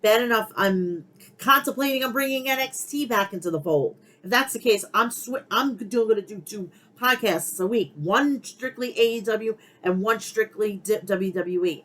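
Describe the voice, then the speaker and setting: With a medium-pitched, somewhat bright voice, a middle-aged podcast host delivers a heated, profanity-heavy opinion rant about pro wrestling, pulling no punches. Slight background noise mars the poor audio.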